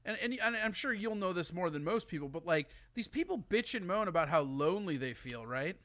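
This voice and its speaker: Bright, ranting Minnesotan host. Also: male voice, high-pitched, animated, fairly quick, slight background noise. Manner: rambling, profane, ranting. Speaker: live show host. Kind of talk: casual call-in chat.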